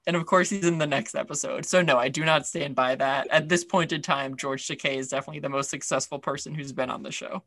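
A man co-hosts a podcast in a loose, rambling chat, full of fillers and restarts. His voice sits a touch high and rings bright, and the recording is dry and close. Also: steady tone, fast talker, hardly any pauses, dry recording. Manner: chatty, rambling, many fillers. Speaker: podcast co-host. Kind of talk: casual chat.

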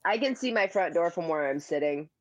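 A man's voice: fairly high pitch, animated, fairly quick, over a noisy crowd. Man chiming in on a podcast. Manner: chuckling, chiming in with short agreements. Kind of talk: casual podcast chat.

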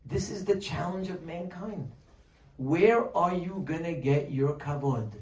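A man giving a Torah talk as a sermon, animated and full of rhetorical questions, sometimes dropping to a near-whisper to act out pleading. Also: on the high side, a little slow. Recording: distant mic, echoey room, faint noise.

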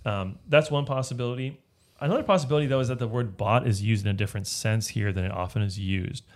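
A man's voice: lowish voice, quick pace. A man leading a casual Bible study, explaining a passage step by step and often checking in with "right?". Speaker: Bible teacher.

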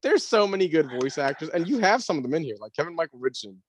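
A man co-hosting a pop-culture podcast in casual chat, talking in an animated way and laughing easily. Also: fairly high pitch, fast talker, husky. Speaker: podcast co-host.

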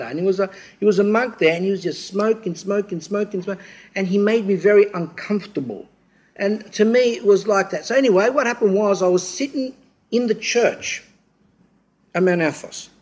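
A man's voice: high voice, husky. A middle-aged man giving an informal sermon, telling rambling stories and acting out what others said. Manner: rambling storyteller, acts out quotes, frequent restarts. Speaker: speaker at a church talk.

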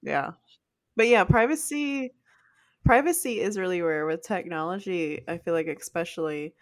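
A woman's voice: lowish voice, moderate pace, dry recording. Easygoing woman, dry close mic. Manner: easygoing and talkative. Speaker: podcast co-host. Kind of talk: casual chat.

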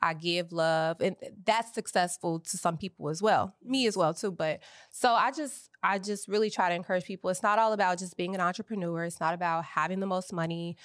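A woman's voice: on the low side, a little fast, hardly any pauses, no echo, clean studio sound. A woman entrepreneur speaking as a podcast guest, earnest and reflective, with many fillers. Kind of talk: casual podcast interview.

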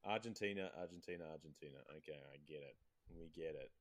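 A man hosting a casual podcast chat, playful and quick to laugh. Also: extremely low pitch. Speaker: podcast host.

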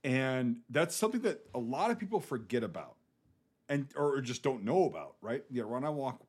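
A man's voice: mid-range voice, very animated, fairly quick, breathy edge. A man from the United States co-hosts a film podcast with his voice sitting in a middle register. He talks in loose, rambling explanations peppered with swearing. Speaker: podcast co-host. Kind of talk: casual chat.

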